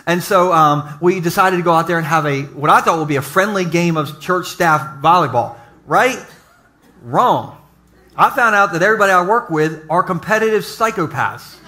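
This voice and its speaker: A pastor preaching a humorous sermon to a live congregation, telling jokey stories and throwing asides to the audience. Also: male voice, sits high, normal speed, pushed and bright, slight background noise. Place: church service before a live congregation.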